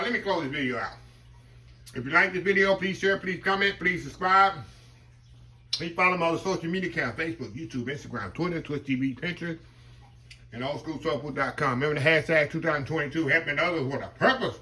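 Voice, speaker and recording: A man's voice: on the high side, fast talker, bright, forceful tone. A man hosting his home cooking vlog, chatting folksy and humming as he tastes the food. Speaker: cooking channel host.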